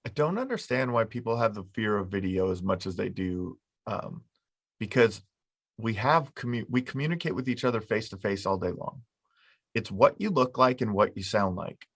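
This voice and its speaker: Low husky-voiced podcast host. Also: male voice, animated, a bit bright. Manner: agreeable, quick affirmations. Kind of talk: casual podcast interview.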